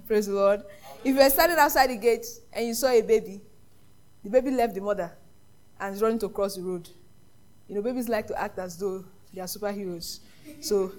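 A woman's voice: fairly high pitch, a little mellow. A woman with a Nigerian accent preaching a sermon, telling stories and quizzing the congregation with questions.

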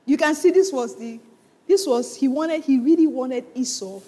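Brief: woman preacher, very high swooping voice, long hall reverb, animated sermon delivery. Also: normal speed. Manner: animated, laughs often, dramatic retelling. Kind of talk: sermon, Bible teaching.

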